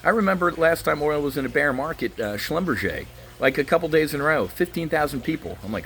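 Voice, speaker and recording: A man's voice: fairly high pitch, very animated, fairly quick, few pauses, a bit bright, slight background noise. A man giving blunt, sarcastic solo market commentary, ranting with frequent restarts.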